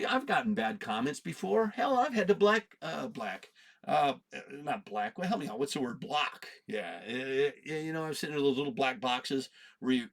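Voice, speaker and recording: A man in his fifties hosting a comic book video, talking in a casual, rambling way with many fillers and restarts. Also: mid-range voice. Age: 50s. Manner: rambling, animated, self-interrupting with fillers.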